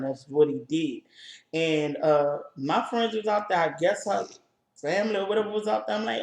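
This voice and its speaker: A woman with a New Orleans accent telling a story in casual chat, lively and animated, acting out the people in it. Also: medium pitch, normal speed, echoey room. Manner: lively, animated, acts out voices in her stories. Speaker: co-host.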